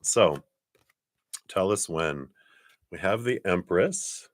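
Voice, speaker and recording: A man's voice: sits low, animated, slow, no room sound, clean studio sound. A man giving a casual live-stream tarot reading, chatty and laughing often as he acts out little quoted lines. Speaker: tarot card reader.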